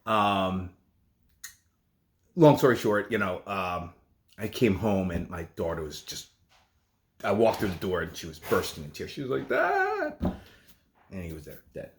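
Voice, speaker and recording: A middle-aged man with a fairly low voice talks through a casual home vlog. He is a nurse speaking from his kitchen, and he rambles and stops himself often to restart a thought. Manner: rambling, halting with many restarts.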